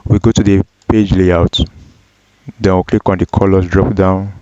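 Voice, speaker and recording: Slow, deep-voiced man walking through software. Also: little pitch movement, no room sound. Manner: slow, step-by-step with frequent ums and self-corrections. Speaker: data analysis tutor. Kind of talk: screen-recorded software tutorial. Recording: dull, dry lo-fi voice track.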